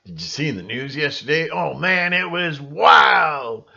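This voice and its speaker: A man's voice: on the high side, lively intonation, unhurried, vocal fry, sharp tone, muffled recording. A man vlogging in a rambling, sarcastic casual monologue full of fillers.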